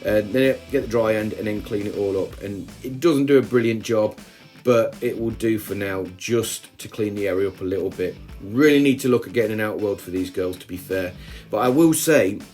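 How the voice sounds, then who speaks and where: Man, lowish voice, casual hobby vlog, chatty, rambling asides, faint guitar music behind. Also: brisk, a little mellow. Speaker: ant-keeping hobby vlogger.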